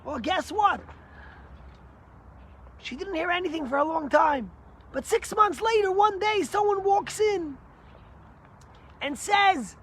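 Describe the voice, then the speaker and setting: Man, rabbi, inspirational sermon, earnest storytelling, high-pitched voice. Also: animated, moderate pace, pauses often. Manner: earnest storyteller, drops low and soft for morals.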